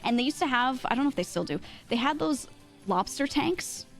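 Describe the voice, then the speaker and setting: Young woman streamer rambling through a story, super bouncy pitch, laughs a lot, lots of likes and ums. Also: a little fast, soft background music. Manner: animated, laughs often, many fillers. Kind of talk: casual storytelling chat.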